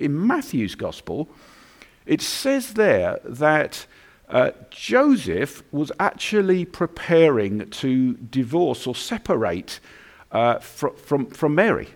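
Animated, conversational male preacher. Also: medium pitch. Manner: conversational, many restarts, lively acted asides. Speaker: pastor. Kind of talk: sermon.

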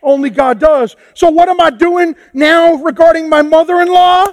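High-voiced preaching man. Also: fairly even intonation, normal speed, dry recording. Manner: impassioned preaching that swings from hushed to shouted. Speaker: pastor. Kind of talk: sermon. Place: church hall with a congregation.

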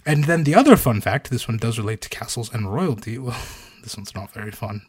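A man's voice: mid-range voice, fairly quick, breathy edge. A man hosting a casual podcast, telling stories with jokes and many fillers. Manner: joking, storytelling, many fillers. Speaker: podcast host.

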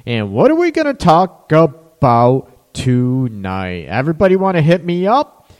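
A man's voice: fairly high pitch, huge pitch swings, measured pace, darkish tone. A middle-aged man hosting a call-in radio talk show from his counseling office, tired and loose, with lots of fillers. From Michigan. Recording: long hall reverb.

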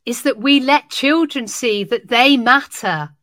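A woman's voice: a little high, unhurried, no echo. A woman who works in early years education, telling classroom stories on a podcast and acting out the dialogue as she goes. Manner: animated, acts out dialogue while telling stories. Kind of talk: podcast conversation, telling an anecdote.

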